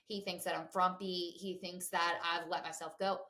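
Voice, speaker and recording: A woman's voice: on the low side, level tone, moderate pace, sharp tone. A woman, hosting a podcast in a chatty, candid way, full of fillers and asides to her listeners. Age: 20s. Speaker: podcast host. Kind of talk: casual chat.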